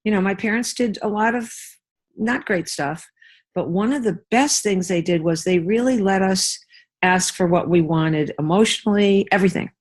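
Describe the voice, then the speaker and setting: A woman's voice: medium pitch, moderate pace. An older woman, an interview guest, telling personal stories and acting out the voices of people she quotes. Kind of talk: interview conversation.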